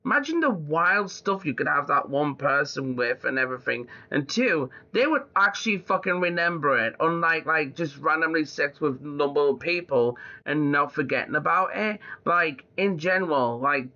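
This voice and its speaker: A man's voice: on the high side, animated, moderate pace, hardly any pauses, bright, forceful tone. A man in casual chat who rambles, swears, and leans on fillers like "like" and "in general". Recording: slightly muffled lo-fi audio.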